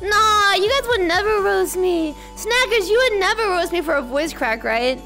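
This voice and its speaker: A woman's voice: very high voice, expressive, moderate pace, sharp tone, faint music behind. A woman hosting a live stream in casual chat, playful and bubbly, greeting her viewers with a slightly sore voice.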